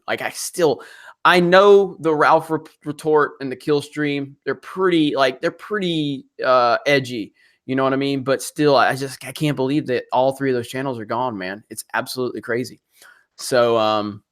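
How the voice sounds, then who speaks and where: A man's voice: mid-range voice, fairly bright tone. A man with a Southern US accent hosting a casual live stream chat, rambling and laughing easily.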